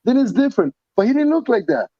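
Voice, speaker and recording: A man, a professional fighter being interviewed, talking casually in an animated, profane way with many restarts and repeats. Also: very high-pitched, quick pace, no echo, lo-fi sound. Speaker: pro fighter guest.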